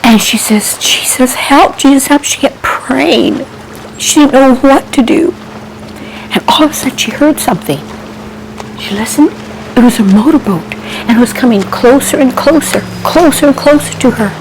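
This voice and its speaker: A woman telling a Bible-themed children's story, animated, asking her listeners questions and hushing her voice for suspense. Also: high-pitched, moderate pace, background noise.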